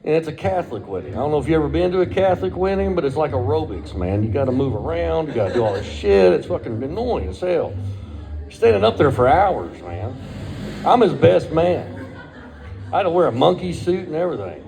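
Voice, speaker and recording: A man's voice: fairly high pitch, very animated, brisk, creaky, mellow. A middle-aged man, telling a crude, profane personal story in a laid-back way.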